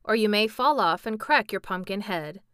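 A woman's voice: medium pitch, animated, moderate pace, a bit bright, clean tone, no room sound, clean studio sound, natural voice. A woman doing an earnest young boy.

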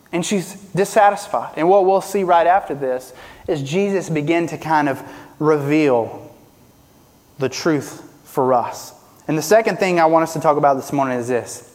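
A man preaching a sermon as pastor, asking the congregation rhetorical questions, rising and dropping from loud to quiet. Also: normal speed, long reverb tail. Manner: preaching with rhetorical questions, pitch and volume swinging widely.

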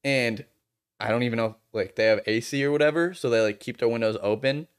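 A man's voice: medium pitch, fast, clear, resonant tone. A young man from Boston, a podcast guest telling stories in casual chat, swearing freely. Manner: profane, animated storytelling.

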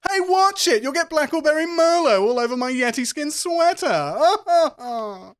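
Shrill braying rich snob. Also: male voice, expressive, normal speed. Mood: smug braying. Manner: loud, high-pitched, mocking laughter. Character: smug rich male snow athlete, braying laugh.

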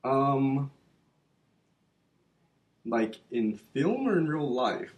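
A man telling a story on a casual podcast, heated and animated, swearing as he goes. His voice sits in a middle range. The room around him is echoey. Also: mid-range voice, very slow. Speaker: podcast co-host.

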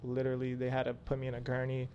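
A man, a rapper, guesting on a podcast and telling stories in a casual, slangy, animated way, often laughing. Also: mid-range voice, very fast, muffled recording, a little hiss or hum. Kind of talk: casual storytelling chat.

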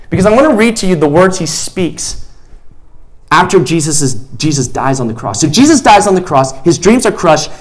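A man preaching a sermon to a youth group. He talks casually, then builds to loud, emphatic preaching and repeats lines for emphasis. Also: fairly high pitch. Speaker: youth pastor.

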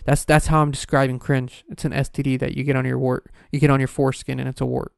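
A man's voice: mid-range voice, little pitch movement, fast, gravelly, clear, resonant tone, no echo, studio quality. A man delivering a profane, exasperated comedic rant, exaggerating wildly. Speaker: comedic ranter.

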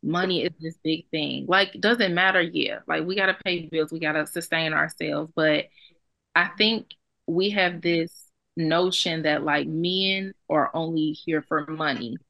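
A woman's voice: deep voice, a little slow, creaky, sharp tone. A young adult woman co-hosting a podcast, talking bluntly and emphatically with plenty of profanity. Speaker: podcast co-host. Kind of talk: casual podcast chat.

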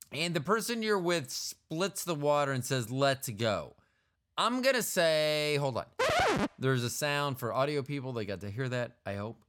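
A man's voice: on the high side, fairly bright tone. A middle-aged man hosting a podcast, rambling and joking in casual chat. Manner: rambling, jokey, playful. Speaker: podcast host.

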